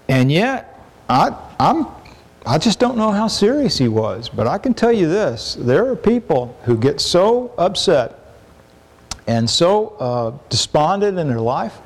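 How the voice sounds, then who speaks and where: A middle-aged man preaching a sermon in a conversational way, acting out quoted complaints with sudden rises in pitch.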